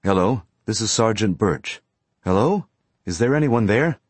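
A man's voice: fairly low pitch, animated, unhurried, slightly rough, no echo, pitched above the performer's own voice. A man voicing a stern young cop. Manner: stern, insistent questioning. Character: stern young male police officer.

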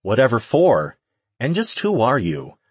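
A man's voice: medium pitch, huge pitch swings, measured pace, slightly rough, dry recording, voice pushed up, exaggerated voice. A man voicing a sarcastic female demon. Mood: sardonic. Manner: mocking, dismissive.

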